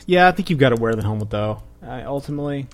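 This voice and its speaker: A man's voice: medium pitch, expressive, fast talker. A man hosting a casual podcast, joking crudely and telling stories with animation. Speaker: podcast host. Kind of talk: casual chat.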